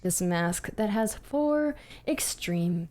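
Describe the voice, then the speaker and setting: A woman narrating a tabletop horror game as its keeper, animated and sometimes dropping to a hushed whisper for eerie details. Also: mid-range voice, slow.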